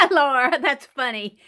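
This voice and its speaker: Chatting casually as she paints, an art livestream host greets viewers by name and laughs frequently. Her high voice is pushed and bright, with lively intonation and a slow pace. She's recorded on a computer mic over a wireless connection.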